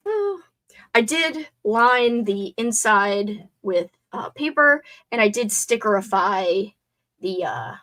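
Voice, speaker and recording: With a medium-pitched, fairly bright voice, a young livestream host chats to herself as she works on crafts. Occasionally she swears under her breath during the casual stream.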